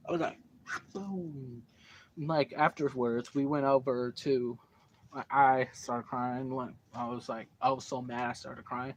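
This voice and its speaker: A teenage boy telling a long, animated story to the camera at home, full of fillers and cursing. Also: medium pitch, unhurried. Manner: animated, profane, rambling with fillers. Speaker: vlogger. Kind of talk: casual storytelling. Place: at home, indoors. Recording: dull lo-fi home recording, faint background noise.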